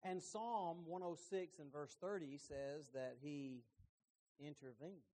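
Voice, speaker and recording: A middle-aged man preaching a sermon, telling the story with lively emphasis and folksy asides. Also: on the high side, takes it slowly.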